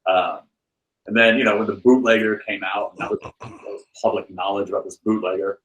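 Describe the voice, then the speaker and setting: A man with a fairly low voice chats as a podcast guest. He tells stories in a loose, rambling way, full of "like" and "you know". His delivery is animated and easygoing. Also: a little fast, highs cut off. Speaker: guest, film director and author. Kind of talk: casual podcast interview.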